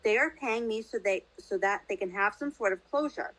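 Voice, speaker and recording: A woman's voice: medium pitch, normal speed, fairly bright tone, lightly acted, low-quality recording. A woman reading the part of a determined young woman investigator, asking earnest, direct questions.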